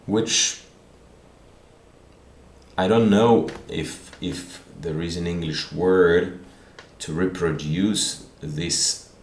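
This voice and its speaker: A man's voice: low voice, gravelly, slight background noise. A man teaching a language lesson on video, patient and repeating words as he thinks aloud. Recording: roomy echo.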